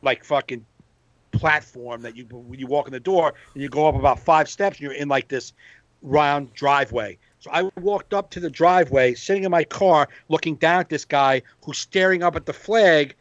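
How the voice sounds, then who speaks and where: A man, a comedian hosting a podcast, telling a profane, animated story in casual banter. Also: fairly high pitch, normal speed, no echo, dull audio. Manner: animated storyteller, profane, acts out quoted voices.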